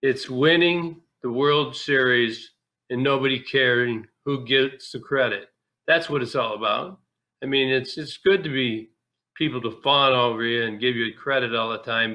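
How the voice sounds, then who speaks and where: A man recalling his playing days in a relaxed interview. His voice is bright and forceful. He tells it candidly, in a folksy way, stumbling over restarts as the memories come. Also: medium pitch, normal speed. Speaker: guest, former pro ballplayer. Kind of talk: casual interview storytelling.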